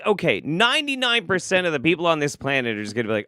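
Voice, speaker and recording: Animated, sarcastic male streamer. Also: a little high, quick pace, few pauses, no echo, clean studio sound. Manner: incredulous, profane, sarcastic. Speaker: streamer reacting to clips. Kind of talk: live-stream commentary.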